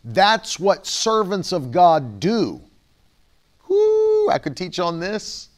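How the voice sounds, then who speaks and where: A male pastor delivering a sermon in a noticeably high voice. He preaches with emphasis, drives points home by repeating phrases, and slips into the voices of the people he quotes. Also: big pitch swings, slow pace.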